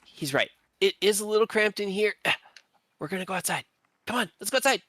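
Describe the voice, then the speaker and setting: A woman voicing a cheerful, energetic woman companion in a tabletop role-play. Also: mid-range voice, fairly quick, no room sound, voice pushed up. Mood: cheery.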